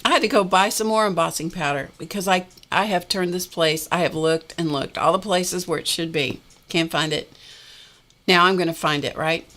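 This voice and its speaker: A woman's voice: on the low side, moderate pace, fairly bright tone. A middle-aged woman hosting a craft livestream, chatting in a rambling way and greeting viewers by name. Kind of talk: casual livestream chat.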